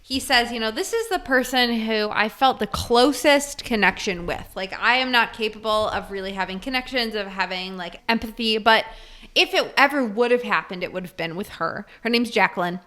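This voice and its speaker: Bright-voiced woman podcast co-host. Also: on the high side. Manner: chatty, lots of "like", quick laughs. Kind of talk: casual film podcast chat.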